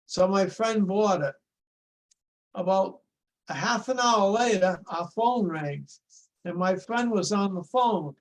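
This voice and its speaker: An older man, his voice sitting high for a man, tells a folksy story full of restarts. He is heard over a video call. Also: a little slow. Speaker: show-and-tell presenter.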